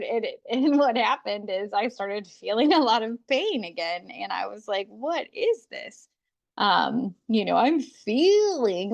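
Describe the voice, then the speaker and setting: Earnest woman hosting a faith podcast. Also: mid-range voice. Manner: earnest, confiding, with frequent soft laughs. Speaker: podcast host and coach for women. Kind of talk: faith-based podcast monologue.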